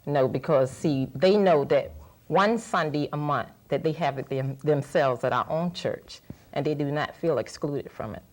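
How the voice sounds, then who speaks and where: Low-voiced woman, plain-spoken parent guest. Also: moderate pace, darkish tone. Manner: plain-spoken and conversational, with fillers. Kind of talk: studio panel discussion.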